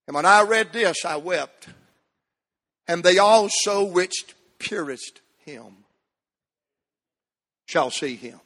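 A man preaching a sermon, rising to shouts and dropping to near whispers. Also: sits high, animated, takes it slowly, pauses often. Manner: Southern preaching cadence, swinging from shouts to hushed tones. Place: church sanctuary. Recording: long hall reverb.

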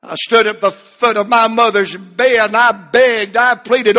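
A man preaching a fervent sermon in a very high, bright, ringing voice. He stretches his words out slowly for weight and then breaks into shouts. He sounds middle-aged. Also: fairly even intonation. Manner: impassioned, emphatic preaching with slowed, drawn-out phrases and occasional shouts.

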